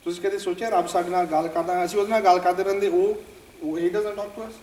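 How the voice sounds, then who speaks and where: Quick, high-voiced man teaching a class. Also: steady tone, darkish tone. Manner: questioning, code-switching into Punjabi. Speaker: camp teacher. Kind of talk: interactive religious class. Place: room at a youth camp. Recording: echoey room from a distance, faint noise.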